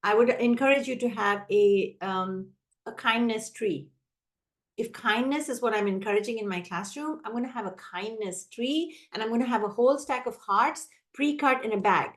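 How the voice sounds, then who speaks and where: A woman trainer answering teachers' questions in a live online session, energetic and animated, often acting out how a teacher talks. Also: a little high, moderate pace. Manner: energetic, animated, acts out teacher and child voices. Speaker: classroom management trainer.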